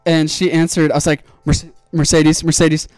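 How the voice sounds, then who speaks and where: Excitable young man telling a story. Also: a little high, moderate pace, dry recording, soft background music. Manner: animated, swearing, excitable storyteller. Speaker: streamer. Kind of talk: casual storytelling while building a PC.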